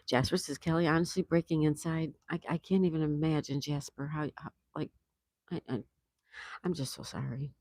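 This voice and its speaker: A woman's voice: low-pitched, fairly even intonation, moderate pace, darkish tone, no echo. A woman hosting a casual livestream outdoors, chatty and affectionate, reading viewer comments aloud. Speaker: livestream host.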